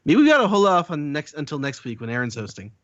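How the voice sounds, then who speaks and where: A man's voice: a little high, wildly swooping pitch, fast, fairly bright tone, no room sound, dull audio. Man reading out listener questions. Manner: reads questions out, laughs easily. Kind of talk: casual podcast chat.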